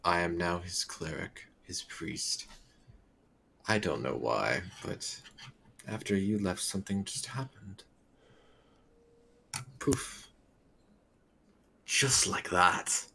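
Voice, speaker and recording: A man with a very low, gravelly voice plays a dwarf cleric at the gaming table. He speaks slowly and flatly, with a heavy, deliberate delivery. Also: slight background noise. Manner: slow, flat, gravelly delivery. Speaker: player. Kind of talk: in-character tabletop play.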